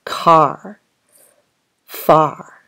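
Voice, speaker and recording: Brief: patient first grade teacher, woman, slow deliberate delivery, low and gravelly. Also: fairly even intonation, bright, forceful tone. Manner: slow, clear, patient teacher voice with drawn-out words; speaks as if to children answering off camera. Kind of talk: phonics lesson for young children.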